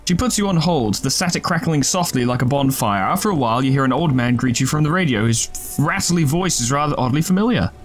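A man's voice: medium pitch, lively intonation, fairly quick, few pauses. A man hosting a let's play, joking and laughing often as he reads the game text aloud. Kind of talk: gameplay commentary and reading game text aloud. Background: game music.

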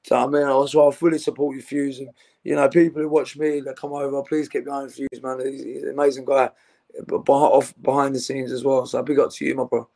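Gravelly young man chatting. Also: mid-range voice, flat delivery, fairly quick, warm tone. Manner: laddish banter, loose and rambling. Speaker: interviewee. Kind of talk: casual chat.

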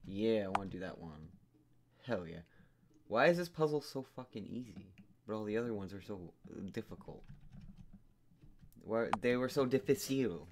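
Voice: medium pitch, lively intonation, normal speed, pauses often, darkish tone. A gamer commentating a puzzle game, rambling, swearing, and muttering and humming to themself. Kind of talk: let's play commentary. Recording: noisy home recording with keyboard clicks.

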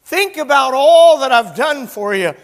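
A preacher speaking as a stern, fatherly God who corrects with pointed questions. The tone is firm and scolding but calm, and the sound rings with long church reverb. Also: very high voice, measured pace, pitched above the performer's own voice.

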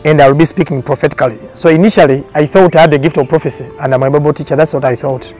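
A man's voice: on the high side, fairly even intonation, very fast, a little mellow, soft background music. Earnest man with a preaching cadence. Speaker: prophet. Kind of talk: testimony in a documentary interview.

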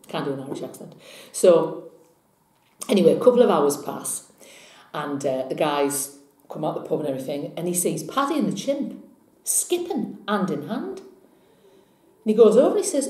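A woman's voice: low voice, sing-song, moderate pace, pauses often, dark tone, reverberant. A woman with a chatty, rambling manner, reading tarot cards and telling jokes in a casual vlog. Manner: chatty, rambling, laughing at herself. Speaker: tarot reader and vlogger.

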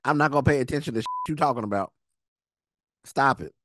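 A man's voice: medium pitch, fast talker, over loud music. A man giving casual, slangy commentary while reacting to a movie, laughing often.

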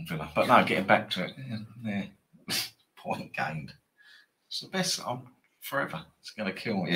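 A man's voice: lowish voice, expressive, normal speed, bright, forceful tone. A man hosting a live football trading stream, chatting casually and bantering with viewers in a rambling way.

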